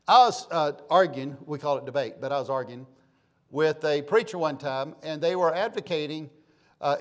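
A middle-aged man preaching a sermon, emphatic and repetitive, calling out to the congregation. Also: a little high. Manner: emphatic preacher, repeats phrases, calls for amen. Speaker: pastor.

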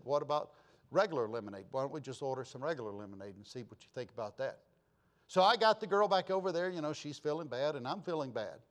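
Male pastor, sermon; folksy storyteller, lively delivery, voice sits a little high.

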